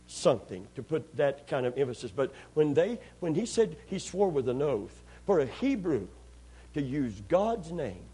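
There's a breathy edge to this preacher's voice as he acts out scenes in his sermon. He moves from loud, excited bursts down to hushed, low moments.

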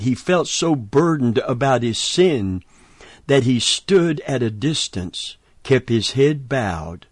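A man's voice: mid-range voice, no echo, studio quality. A man preaching a sermon, emphatic and chuckling between points.

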